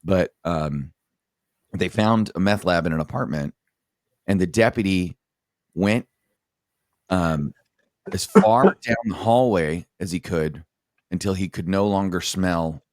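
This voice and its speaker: Middle-aged ex-sergeant guest, very deep voice, blunt and profane, telling stories from the job. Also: male voice, measured pace, pauses often, dry recording, studio quality. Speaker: former police sergeant, podcast guest. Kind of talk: casual storytelling in a podcast chat.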